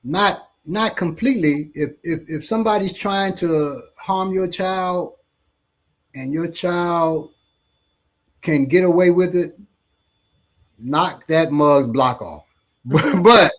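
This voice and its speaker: Husky man telling a story, halting and relaxed. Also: a little high. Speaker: martial arts instructor. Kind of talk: casual storytelling in a panel discussion.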